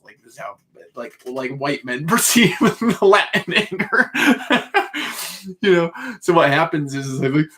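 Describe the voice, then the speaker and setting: A man's voice: medium pitch, fairly bright tone. A man telling a long personal story in a loose, meandering way, full of "like" and "uh". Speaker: speaker sharing a spiritual vision.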